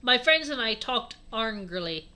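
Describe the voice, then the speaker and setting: Brief: bright-voiced young woman, a touch high, deadpan comic reader. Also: measured pace, clear, resonant tone. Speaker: host reading a fanfic aloud. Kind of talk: comic dramatic reading.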